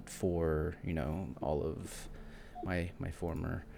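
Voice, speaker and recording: A man's voice: low-pitched, little pitch movement, slow pace, gravelly, noisy background. A man playing a tabletop game, speaking hesitantly and thoughtfully with many fillers. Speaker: player.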